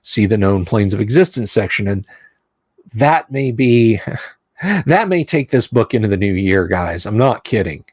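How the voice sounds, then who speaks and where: A man's voice: on the low side, expressive, moderate pace, slightly rough, no echo. A middle-aged man hosting a show, reading a game rulebook aloud and drifting into rambling, self-interrupting asides. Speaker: host.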